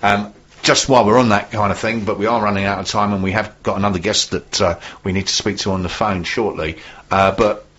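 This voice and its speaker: A man hosting a business radio show, reading news items in a brisk, jokey way. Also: on the low side, steady tone, a bit bright, husky, dull audio. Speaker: radio host.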